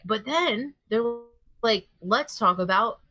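A woman chatting casually on a podcast, telling animated stories with lots of swearing and quoted voices. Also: on the high side, slow, soft background music. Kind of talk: casual chat.

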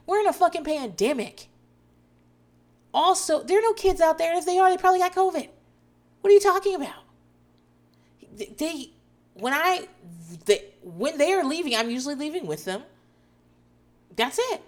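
A woman in her thirties, a mother of four, telling a story in casual chat, animated and quick to swear and laugh. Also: sits high.

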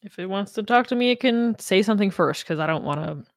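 A woman's voice: medium pitch, lively intonation, no echo, studio quality, lightly acted. A woman voicing a guarded, grieving young woman adventurer in a tabletop game, speaking hesitantly with many restarts. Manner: hesitant, halting, full of restarts.

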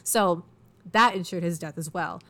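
A woman's voice: lowish voice, unhurried, a bit bright. A woman co-hosting a casual literature podcast. She explains things eagerly and chattily, with plenty of ums and likes along the way. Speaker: podcast co-host. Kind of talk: casual chat about literature.

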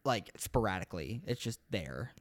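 A man's voice: on the low side, sing-song, normal speed, dry recording. A young adult man co-hosting a podcast, telling a mystery story in casual, rambling, upbeat chat.

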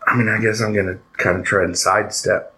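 Casual low-voiced man playing a tabletop game. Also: fairly even intonation, fast, pushed and bright, rough recording. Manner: casual, profane, thinking aloud. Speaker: player. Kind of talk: tabletop role-play.

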